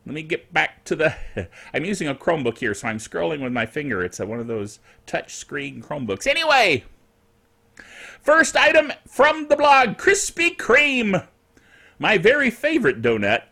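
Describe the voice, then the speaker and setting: A middle-aged man chats through his solo netcast with a high, bright voice. His pitch swings widely as he jokes and wanders into playful asides. Light, animated delivery. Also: moderate pace, creaky, breathy edge. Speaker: podcast host. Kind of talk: casual solo netcast chat.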